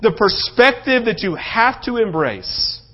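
A male pastor preaching a sermon in a conversational way, often checking in with his listeners with quick tag questions. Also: high-pitched, big pitch swings, breathy edge, muffled recording.

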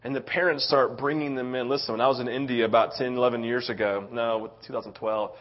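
Animated pastor, muffled sound. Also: male voice, mid-range voice, fast talker. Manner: animated storytelling, frequent "right?" asides. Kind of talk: conversational sermon. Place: church sanctuary.

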